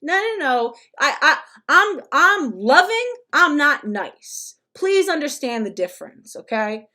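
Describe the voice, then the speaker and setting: A woman with a notably high-pitched voice delivers reaction commentary as a rant. She is blunt and emphatic and swears freely. She now and then mocks others in short put-on quotes. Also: big pitch swings, takes it slowly, pushed and bright. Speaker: commentary vlogger.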